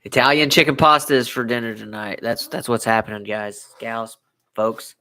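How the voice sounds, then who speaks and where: An American man chats casually on a home live stream, wandering from topic to topic and repeating himself. His voice is bright and forward, and he sits close to a desk microphone. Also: medium pitch, steady tone, normal speed. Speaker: livestream host.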